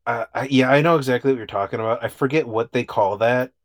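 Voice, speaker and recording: A man's voice: medium pitch, fast talker. A man co-hosting in casual chat, laid-back, chuckling often and swearing offhandedly. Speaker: podcast co-host.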